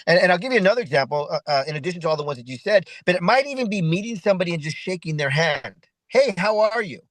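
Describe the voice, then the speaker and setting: A man's voice: high-pitched, animated, fast, fairly bright tone, dry recording, poor audio. A middle-aged man giving a motivational talk as an event host, preachy and repetitive, often adding "right?". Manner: repetitive, preachy, full of 'right?' asides.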